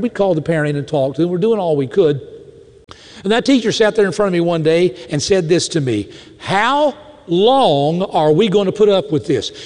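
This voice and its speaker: A pastor delivers an animated sermon in a high voice that rises and falls sharply as he presses his points, tossing mock-indignant asides to the congregation. A large hall gives the sound a long reverb.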